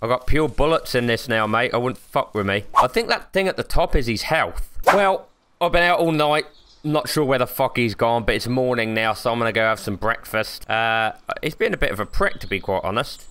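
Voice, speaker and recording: Excitable gamer, lively and bright. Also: male voice, medium pitch, moderate pace, smooth. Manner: swearing, excitable, jokey, yelps when startled. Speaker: gaming YouTuber. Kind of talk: horror game commentary.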